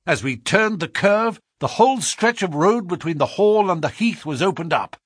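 Male audiobook narrator, measured and expressive, slightly husky, dry close recording. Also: dry recording. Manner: measured storytelling, lively pitch.

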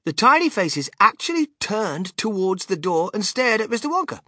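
An audiobook narrator reading a children's story in an expressive, animated way. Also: mid-range voice, moderate pace, no room sound, studio quality.

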